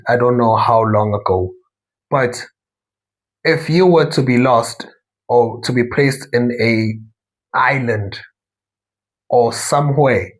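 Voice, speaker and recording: South African man, husky conversational monologue. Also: medium pitch, poor audio. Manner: rambling, conversational, frequent asides and self-corrections. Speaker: talk show host. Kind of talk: casual monologue commentary.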